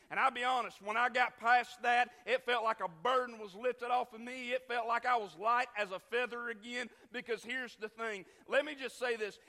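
A preacher delivers his sermon in a high, bright voice. He tells his story with feeling, swinging between loud outbursts and near-whispers. The sound carries a long reverb, as if from a church hall. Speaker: traveling preacher.

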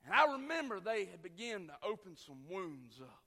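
A preacher delivers his sermon in a high, bright voice. He tells his story with feeling, swinging between loud outbursts and near-whispers. The sound carries a long reverb, as if from a church hall. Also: very animated, normal speed, husky. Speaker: traveling preacher.

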